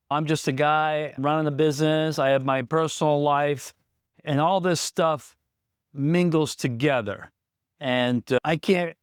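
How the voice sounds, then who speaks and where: A man's voice: on the high side, clear, resonant tone, no echo, studio quality. A man who runs a small business, telling a candid personal story in a vlog, plain-spoken and reflective. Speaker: small business owner in recovery.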